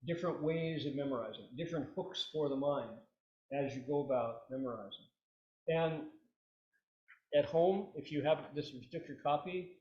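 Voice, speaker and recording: A man teaching a meditation class, relaxed and joking, leading his students through chanted repetitions. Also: a little high, lo-fi sound. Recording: roomy, echoey room.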